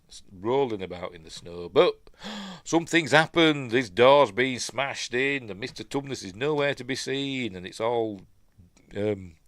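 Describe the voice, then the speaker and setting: A film reviewer with a Yorkshire accent hosts a casual, rambling breakdown of a movie, often stopping to correct himself and filling gaps with chatty fillers. His voice is low-pitched with a fairly bright tone, and the recording is dry.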